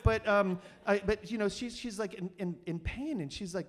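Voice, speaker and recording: A man hosts a live storytelling show and spins a comic personal story in front of an audience. He rambles and corrects himself constantly, piling on fillers as he goes. His voice sits a little high for a man. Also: expressive, normal speed, hardly any pauses. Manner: rambling and self-deprecating, many fillers and restarts.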